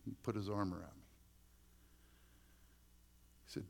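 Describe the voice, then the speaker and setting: A man's voice: on the low side, fairly even intonation, measured pace, gravelly, long pauses, a little mellow. A male pastor preaching a conversational sermon full of personal stories, often dropping to a near-whisper for emphasis.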